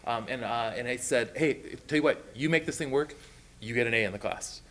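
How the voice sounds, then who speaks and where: Fast-talking excited man at a board meeting. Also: mid-range voice. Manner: enthusiastic, acts out quotes in voices. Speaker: school program presenter. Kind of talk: animated storytelling at a board meeting. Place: school board meeting room.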